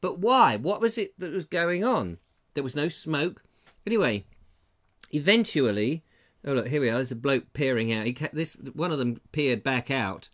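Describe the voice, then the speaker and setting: A man's voice: medium pitch, expressive, moderate pace, a bit bright. A man hosting a live comedy talk show from his house, talking with playful, theatrical asides to his audience. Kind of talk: live-streamed comedy chat. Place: terraced house, indoors.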